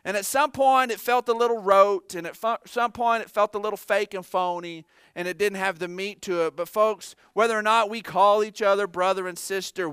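Bright, high-voiced animated preacher man. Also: clear, resonant tone, no room sound, studio quality. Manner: animated, joking asides to the congregation. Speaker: pastor. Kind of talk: sermon. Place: church sanctuary.

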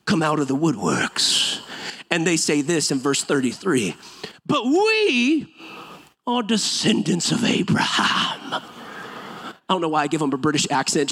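A man preaches to his church in a high, bright-toned voice. He moves between emphatic declarations and casual, joking asides as he teaches. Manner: emphatic, conversational preaching with humor. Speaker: pastor. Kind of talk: sermon. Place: church sanctuary.

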